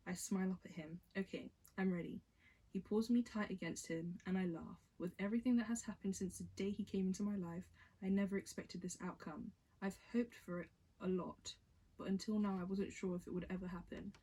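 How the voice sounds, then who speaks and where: A woman's voice: mid-range voice, lively intonation, moderate pace, a little mellow, breathy edge. A woman reading a novel aloud for her vlog, stumbling over lines and breaking off to chat and giggle. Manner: stumbling, giggly, self-interrupting. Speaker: book vlogger reading aloud. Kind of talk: casual read-aloud vlog.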